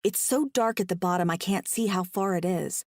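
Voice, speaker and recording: A woman's voice: moderate pace, darkish tone, no room sound, clean studio sound. A young woman narrating a first-person romance audiobook, emotive and dramatic. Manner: emotive, voices the heroine's panic in a higher pitch.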